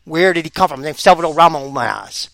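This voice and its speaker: A man with a high, bright and forceful voice rambles through casual reaction commentary, getting excited and laughing easily. His delivery swings wildly up and down in pitch, with a gravelly edge on the low notes. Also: normal speed, dry recording, rough recording. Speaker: vlogger reacting to fights.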